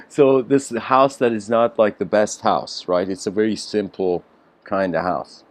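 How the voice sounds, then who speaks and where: A man's voice: on the low side, expressive, slow, no room sound. A man giving a casual storytelling lecture, rambling with lots of fillers and self-corrections.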